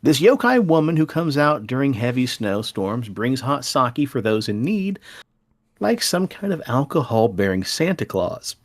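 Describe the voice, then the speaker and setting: A male podcast host who tells folk tales with playful drama. His voice swoops up and down with lively inflection, and he leans into the spooky parts of the story. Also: mid-range voice, measured pace.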